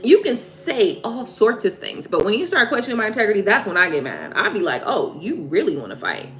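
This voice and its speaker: A woman's voice: mid-range voice, sing-song, brisk, faint music behind. A woman hosting a live tarot stream, venting heatedly in casual talk, swearing and repeating herself.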